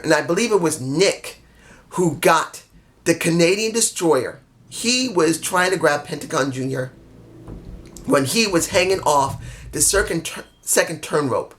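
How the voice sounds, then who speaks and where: A tired vlogger recapping a wrestling show to camera, blunt and emphatic, swearing freely. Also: mid-range voice.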